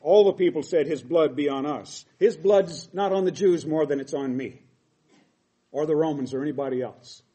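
A man's voice: a little high, fairly even intonation, normal speed, mellow. A middle-aged man preaching a sermon, reading scripture aloud and explaining it with emphatic quoted lines.

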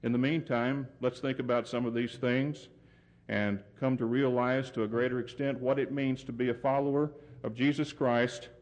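A man delivering a sermon in an earnest, emphatic way. His voice sits at a middle pitch, climbs when he drives a point home, and slows down for weight. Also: fairly even intonation, a little mellow. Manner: earnest, emphatic, rising pitch on key points, deliberate pauses. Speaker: preacher.

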